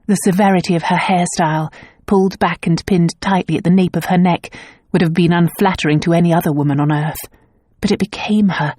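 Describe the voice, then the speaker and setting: A woman reads a romance novel aloud in a measured storytelling manner. Her voice is on the low side for a woman. The recording is dry and close, with no room sound. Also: a little mellow, dry recording. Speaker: audiobook narrator. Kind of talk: scripted novel narration.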